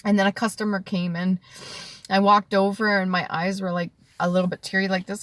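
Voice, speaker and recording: A woman in her thirties telling an emotional personal story to the camera, tearful and heartfelt, dropping at times to a soft whisper. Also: medium pitch, level tone, fairly quick, dry recording. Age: 30s. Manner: tearful and heartfelt, drifting between soft whispers and earnest talk. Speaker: vlogger.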